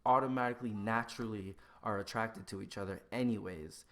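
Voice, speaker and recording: A man in casual conversation who acts out both sides of everyday exchanges with lively shifts in his voice. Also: on the low side, fairly quick. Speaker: podcast guest. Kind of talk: casual chat.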